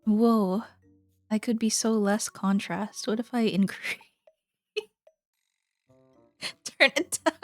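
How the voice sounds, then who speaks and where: Giggly woman streamer, fairly high voice. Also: slow, long pauses, dry recording, faint music behind. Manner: giggly and playful, chatting with viewers. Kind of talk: casual livestream chat.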